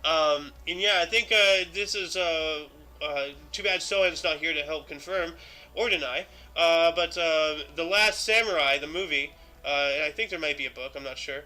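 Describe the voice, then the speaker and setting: High, very bright-voiced male streamer. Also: moderate pace, low-quality recording. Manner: reads dates aloud, then chats loosely with many fillers. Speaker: host of a daily history show. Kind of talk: livestream reading and commenting.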